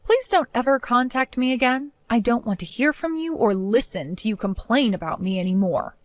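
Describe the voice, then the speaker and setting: A sarcastic young daughter-in-law from an animated storytime cartoon, played by a woman, mocking and defiant. Her fairly high voice rises and falls with lively inflection. The recording is dry and close. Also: normal speed, no echo, close to an everyday voice. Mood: cold. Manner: sarcastic, mocking, laughs often.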